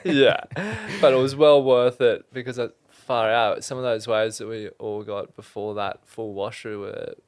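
Mellow low-voiced guest, man. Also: steady tone, moderate pace, hardly any pauses, clean tone. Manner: mellow, laid-back, slangy. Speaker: podcast guest. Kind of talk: casual chat.

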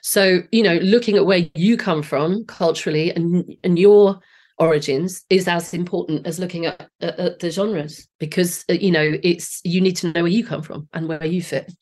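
A Southeast England singing teacher in her late forties, with a Southeast English accent, talks at normal speed in a fairly low, steady, slightly mellow voice that is a bit off today. Guesting on a podcast interview, she enthusiastically explains her ideas, with frequent restarts.

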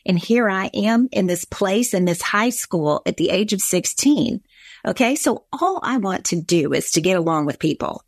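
A woman's voice: mid-range voice, lively intonation, moderate pace, slightly rough, no echo, clean studio sound. A woman with a Southern accent from Georgia, earnestly telling a personal story on a talk show.

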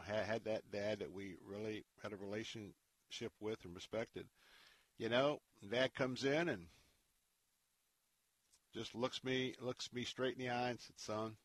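A man hosting a Christian radio talk show, speaking in an earnest, preacherly way and dropping to a hushed tone when he tells a story. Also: lowish voice, no echo. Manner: earnest, preacherly, drops to a hush for stories.

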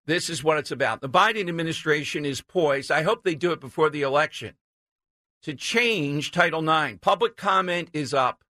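A man's voice: fairly high pitch, animated, moderate pace, sharp tone, no echo. A man hosting a talk radio show, giving emphatic, sarcastic commentary into a studio mic.

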